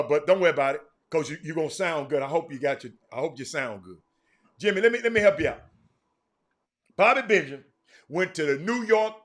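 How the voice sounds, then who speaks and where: A man hosts a casual sports talk livestream. His bright, sharp voice sits high for a man. He talks in animated bursts, repeats names and restarts his sentences. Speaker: sports talk show host. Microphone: streaming mic.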